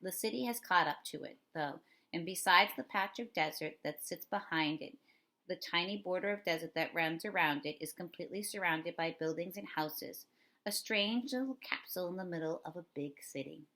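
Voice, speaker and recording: A woman reading a middle-grade novel aloud in an expressive storytelling way. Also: lowish voice, moderate pace, rough recording. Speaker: reader.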